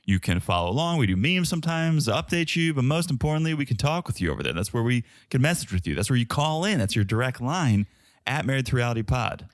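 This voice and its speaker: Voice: mid-range voice, fast, no echo, clean studio sound. A podcast co-host casually plugging the show's channels in an upbeat way. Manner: upbeat, lively plugs. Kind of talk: casual podcast promo chat.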